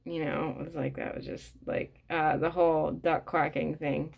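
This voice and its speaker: A woman's voice: low voice, little pitch movement, moderate pace, creaky, dull audio, slight background noise. A woman reading a book aloud and commenting bluntly and casually, swearing often with plenty of fillers. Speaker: reader and commentator.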